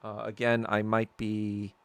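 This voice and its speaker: A man hosting his own podcast in a solo rant, profane and heated, swinging between loud outbursts and low muttering. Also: monotone, measured pace, clean tone. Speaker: podcast host. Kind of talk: solo ranting monologue.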